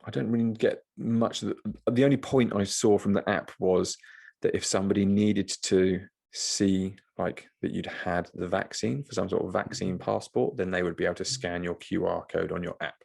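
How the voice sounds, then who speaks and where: A man's voice: deep voice, fairly even intonation, moderate pace, gravelly, a little mellow. A man co-hosting a podcast, chatting casually and telling jokey stories where he acts out what others said. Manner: jokey storytelling, acts out dialogue. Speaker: podcast co-host. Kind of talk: casual chat.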